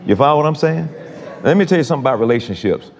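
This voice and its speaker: A man's voice: on the high side, expressive, rapid-fire. A man preaching a sermon, chatty and repetitive, talking straight to his congregation. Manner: conversational, repetitive, addresses congregation directly. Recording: long hall reverb.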